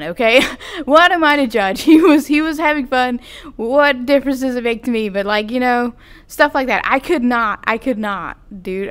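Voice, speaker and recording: A woman's voice: on the high side, clean tone. A young adult woman vlogging in a casual, rambling, self-deprecating chat with giggly asides. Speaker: vtuber vlogger.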